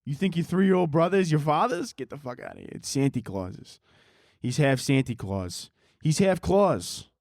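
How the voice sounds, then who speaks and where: A man's voice: fairly high pitch, lively intonation, normal speed, gravelly, a little mellow, no echo, studio quality. Man doing a crude Brooklyn Santa Claus. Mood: crude bragging. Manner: brash, profane, boastful.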